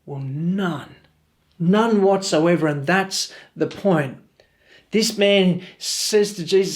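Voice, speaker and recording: A man's voice: sits high, slow pace. A middle-aged man with an Australian accent, preaching a sermon in an earnest, storytelling way. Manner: earnest, storytelling with quoted voices. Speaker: pastor.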